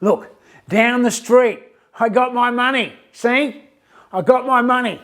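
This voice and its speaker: A man's voice: very high-pitched, unhurried, a bit bright, voice pushed up. A man voicing a nervous, suspicious bank customer who stammers and pleads. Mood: boastful.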